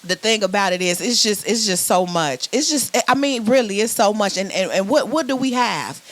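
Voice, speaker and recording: A young woman doing a virtual stand-up comedy set, loud and sassy, often repeating words as she starts a phrase. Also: medium pitch, animated, moderate pace, soft background music. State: sweating.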